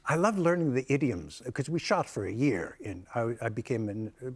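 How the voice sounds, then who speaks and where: Man actor on a talk show, mid-pitched, hesitant, wry, self-deprecating. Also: big pitch swings, normal speed, slightly rough. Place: television studio.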